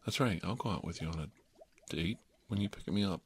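A man's voice: deep voice, a little fast, a little hiss or hum. A man voicing a refined, well-to-do young woman on a date, in a fussy and affected tone. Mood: haughty.

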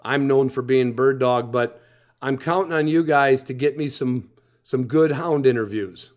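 A man hosting a podcast, talking in a relaxed, rambling way and often restarting his sentences. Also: medium pitch, measured pace. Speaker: podcast host. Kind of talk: casual podcast chat.

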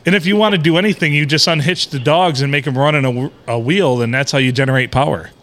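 A man's voice: on the high side, quick pace, a bit bright. Joking, profane man host. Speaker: podcast co-host. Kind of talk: casual podcast chat.

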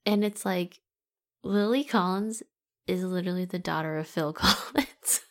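A young woman co-hosts a casual chat with a lowish voice and a sarcastic streak. She rambles in a relaxed way, trades jokes and laughs often. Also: a little slow. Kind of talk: casual chat, film review.

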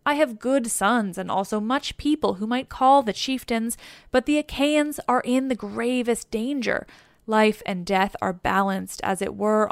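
A woman's voice: mid-range voice, gravelly, dry recording, clean studio sound. A woman reading the lines of an old male warrior counselor in an earnest, urging, formal manner, in her own voice.

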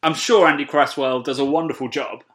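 A man from England co-hosting a podcast in casual chat, animated and often laughing. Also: on the high side, brisk. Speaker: podcast co-host.

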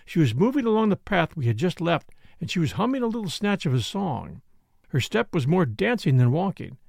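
A man reading a novel aloud in a measured, expressive narration. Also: high-pitched, vocal fry, no room sound, studio quality. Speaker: audiobook reader. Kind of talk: scripted narration.

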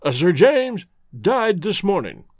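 Man as solemn formal butler, hesitant, raised pitch. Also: very animated, takes it slowly, a little mellow, no echo, clean studio sound, full character voice.

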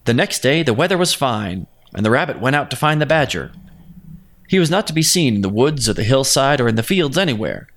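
Man, storybook narrator, mid pitch, animated intonation, steady expressive telling.

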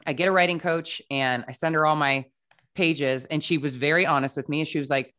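Quick and a bit bright, this deep female voice belongs to a podcast guest telling her own story in a relaxed, chatty way. She leans on "like" as a filler constantly and performs the dialogue she quotes.

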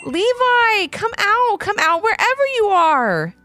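A woman's voice: extremely high pitch, very animated, slow, pushed and bright, faint music behind, voice pushed up, exaggerated voice. A woman voicing a young girl who calls out in a sing-song way. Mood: playful. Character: young girl, worried sister, playful.

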